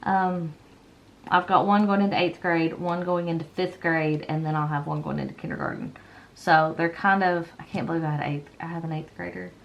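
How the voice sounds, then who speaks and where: Her voice is on the low side, with fairly even intonation and a moderate pace, and the audio sounds dull. This woman in her thirties, a planner vlogger, yawns and seems a little tired as she decorates her planner, chatting and rambling with many ums and self-corrections.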